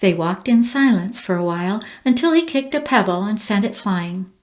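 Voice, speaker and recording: A woman reading a storybook aloud as narrator, measured and expressive. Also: medium pitch.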